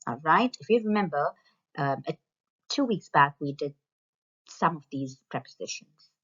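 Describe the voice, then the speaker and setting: A French teacher with a low, husky voice records a lesson for school pupils, speaking each phrase slowly and then repeating it so they can copy her. Her intonation is lively and her tone fairly bright. The audio is dull and lo-fi, like a plain home recording.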